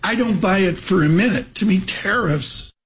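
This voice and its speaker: A man hosting a business radio show, his voice set high and a little husky. He talks fast and rambles, hopping between market numbers and asides. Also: fairly bright tone. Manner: rapid, rambling and chatty. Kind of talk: live business broadcast chat.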